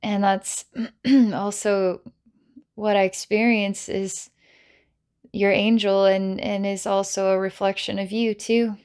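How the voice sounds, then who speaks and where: A woman's voice: medium pitch, little pitch movement, takes it slowly, darkish tone, smooth. A woman psychic healer narrating a guided healing session, talking playfully with giggles and many filler words.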